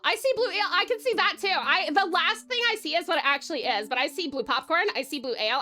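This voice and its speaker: Giggly woman streamer. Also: high-pitched. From Australia. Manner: giggly, excitable, swears, chats to viewers. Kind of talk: casual live-stream chat.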